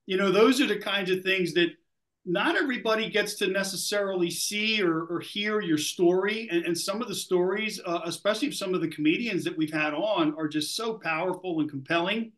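A man's voice: sits high, a little fast, fairly bright tone. A man co-hosting a talk show, praising his guest at rambling length. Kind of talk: interview hosting.

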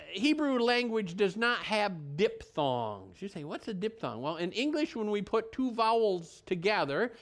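A man's voice: high-pitched, a bit bright. A male pastor giving a conversational sermon in a folksy, rambling way, often restarting his sentences and drifting into asides.

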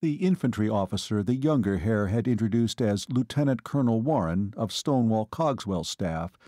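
A man narrating a novel as an audiobook, in a measured storytelling manner. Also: fairly low pitch, expressive, dark tone, no room sound, clean studio sound. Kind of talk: scripted narration.

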